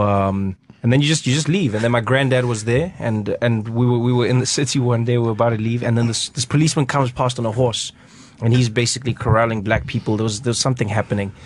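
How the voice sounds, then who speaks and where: A South African man chatting on a talk show, mid-pitched and easygoing. He tells stories with lively energy, laughs along the way and acts out the voices of the people in them. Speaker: guest comedian. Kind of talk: casual storytelling on a talk show.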